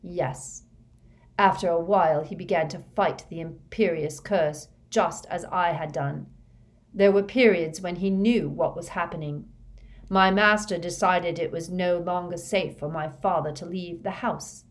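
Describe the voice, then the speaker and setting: Lady doing a creepy young wizard guy, quiet flat confession, lowish voice. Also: a little slow, natural voice. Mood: confessing. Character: fanatical young male dark wizard confessing.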